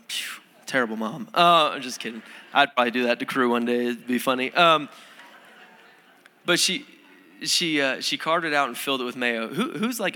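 A man's voice: mid-range voice, pushed and bright, big-room sound. A man preaching a sermon as pastor, chatty and self-deprecating, with many fillers and restarts.

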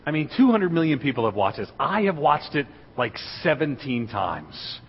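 A man giving a sermon as a guest speaker in a church, telling a story and building to loud, excited preaching. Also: on the high side, moderate pace, vocal fry, slightly rough. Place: church sanctuary. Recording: dull recording in a reverberant hall.

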